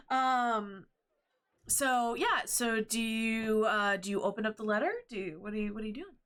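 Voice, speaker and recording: A woman's voice: a little high, a little slow, long pauses, fairly bright tone. A woman running a tabletop game as game master, narrating in a rambling, hesitant way with many fillers. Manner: rambling, hesitant, laughs often.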